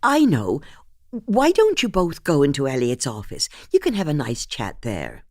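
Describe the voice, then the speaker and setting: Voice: medium pitch, wildly swooping pitch, normal speed, a little mellow, dry recording, clean studio sound. A narrator voicing a friendly, chatty Irish receptionist in her fifties, with an Irish accent. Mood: helpful. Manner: chatty, conspiratorial.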